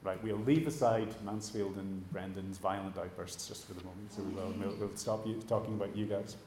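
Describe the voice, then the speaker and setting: Pastor preaching in an echoey hall. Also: male voice, sits low, fairly even intonation, fairly quick, a little mellow, slight background noise. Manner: conversational, addresses the congregation directly. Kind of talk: sermon. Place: church hall.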